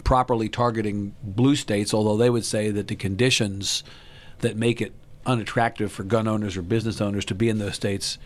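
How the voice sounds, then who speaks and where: A man's voice: on the low side, steady tone, brisk. Wry, opinionated man on a podcast. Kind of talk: casual political podcast chat.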